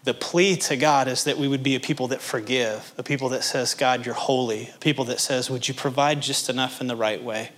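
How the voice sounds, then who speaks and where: A man's voice: mid-range voice, a little fast. A pastor preaching to his congregation, asking them direct questions and acting out little scenes in voices. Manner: animated, acts out little scenes in character voices. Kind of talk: sermon.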